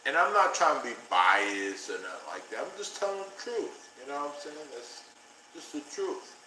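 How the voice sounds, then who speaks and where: A man's voice: a little high, very animated, moderate pace. A man hosting a casual livestream, talking earnestly and directly to his viewers. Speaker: livestream host. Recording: roomy with faint noise.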